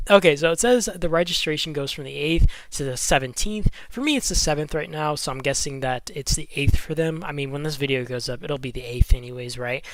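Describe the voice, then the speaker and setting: A man's voice: fairly high pitch, brisk, hardly any pauses, slight background noise. A man talking casually about a mobile game event, thinking aloud as he goes, often stumbling over his words. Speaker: gaming YouTuber.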